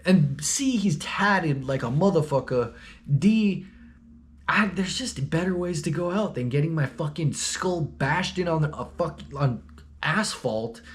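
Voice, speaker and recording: A man's voice: fairly high pitch, animated, a little slow. A young man telling a story in a rambling, slangy, profane, laid-back way. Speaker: vlogger. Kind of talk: casual storytelling.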